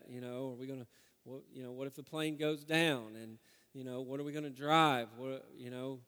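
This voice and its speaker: A middle-aged man preaching a sermon and leading a prayer, earnest, swinging from loud urging to hushed prayer. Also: medium pitch. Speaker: pastor. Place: church hall. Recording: long hall reverb.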